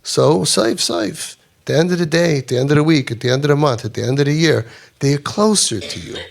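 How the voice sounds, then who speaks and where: A man's voice: on the high side, a little fast, gravelly. A man giving a Torah lecture in English with an Orthodox Jewish accent, reading Hebrew quotes and explaining them with repetition for emphasis. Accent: Orthodox Jewish English with Ashkenazi Hebrew. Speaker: rabbi teaching a class.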